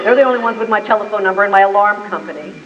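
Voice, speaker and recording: A woman's voice: medium pitch, very fast, noisy background. A woman business owner giving an inspirational speech, a vivid storyteller who acts out scenes, heard from afar in an echoey meeting room. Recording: echoey hall, far from mic, dull.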